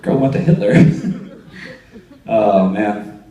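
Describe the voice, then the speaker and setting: A man's voice: fairly low pitch, takes it slowly, dull audio. A young man doing a stand-up comedy set, telling stories and acting out the people in them. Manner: animated storytelling, acting out quoted voices. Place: comedy theater stage. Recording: echoey theater from a distance, crowd laughter.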